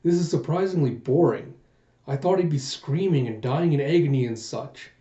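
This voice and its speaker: Brief: man doing a callous male bystander, dismissive, slightly high, dull recording. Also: expressive, moderate pace, mellow, lightly acted. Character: bored callous male townsman, sneering. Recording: muffled echoey room recording.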